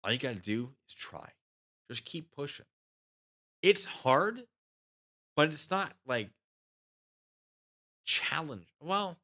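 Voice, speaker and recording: A man in his thirties telling army training stories to his live chat in a casual way, acting out the other voices. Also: medium pitch. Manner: animated, acts out voices with loud shouts. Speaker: channel host recounting army training.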